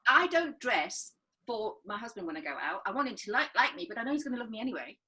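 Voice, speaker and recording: A woman's voice: a little high, quick pace, breathy edge. A middle-aged woman co-hosting a podcast, chatting emphatically and tagging her points with questions. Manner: emphatic, asks tag questions, animated. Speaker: podcast co-host. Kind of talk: casual chat.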